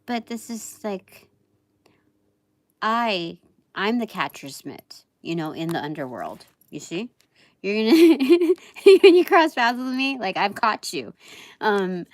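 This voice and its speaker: On a live stream, a woman reads tarot cards in a lowish voice, meandering and halting through plenty of fillers. She lets out soft laughs between thoughts, and there's no room sound.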